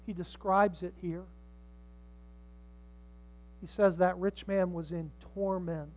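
A man's voice: sits high, fairly even intonation, slow, long pauses, low-quality recording. Dramatic older man preaching a sermon. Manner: dramatic, swings from hushed to shouting, acts out voices.

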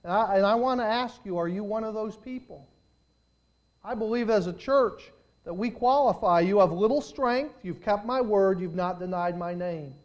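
A high-pitched man preaches from the pulpit, his voice climbing and swelling on key words before falling to quiet asides. He leans on phrases, slows down to stress them and talks straight to his congregation. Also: lo-fi sound. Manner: preaching with surges of volume and drawn-out emphasis. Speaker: pastor. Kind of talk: sermon.

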